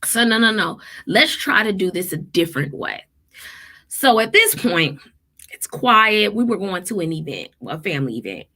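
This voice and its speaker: A woman in her thirties, a therapist and a mother, shares parenting stories in a casual, emphatic vlog style. She's animated and emphatic, acting out what people said in lively voices, with a medium-pitched voice at a moderate pace.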